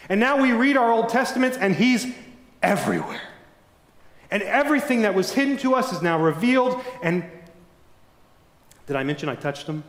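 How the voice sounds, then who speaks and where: A male pastor preaching a sermon in a church, dramatic and shifting between fervent and hushed. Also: fairly high pitch, animated, normal speed. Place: church sanctuary. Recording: echoey church hall.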